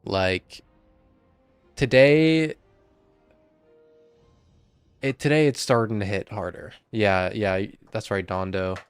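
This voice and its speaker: A man's voice: deep voice, normal speed, few pauses, smooth, no room sound, faint music behind. A young man streaming a game and chatting casually with viewers, sighing and emotional, on the verge of tears. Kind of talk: casual live-stream chat.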